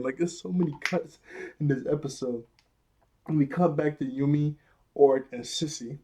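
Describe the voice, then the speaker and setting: A young man with a husky, slightly breathy voice talks through a cartoon episode in a loose, rambling way. He laughs often and slips into quick impressions of the characters as he retells each scene. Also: on the high side, steady tone, mellow. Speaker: video reviewer. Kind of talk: casual episode recap.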